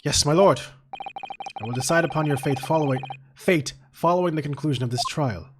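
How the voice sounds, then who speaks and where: A man's voice: a little high, fairly quick, noisy background, close to an everyday voice. A man voicing a stately, exasperated older male judge in a courtroom game, pompous and formal.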